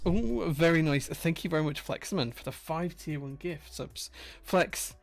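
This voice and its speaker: A man's voice: on the high side, steady tone, a little slow. A man hosting a casual livestream, greeting viewers by name in a friendly, rambling way with lots of fillers. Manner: friendly, rambling, reads chat names aloud with fillers. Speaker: livestream host, keyboard builder. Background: music playing.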